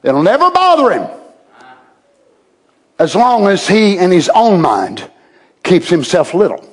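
A man preaching a sermon, swinging from shouted proclamations to hushed, drawn-out asides. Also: high-pitched, wildly swooping pitch, husky.

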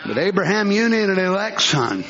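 A high-pitched, bright-voiced preacher delivers a fiery sermon, his voice leaping wildly in pitch. He swings from fervent shouts to hushed asides. The recording sounds muffled and lo-fi. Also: very animated, normal speed, noisy background.

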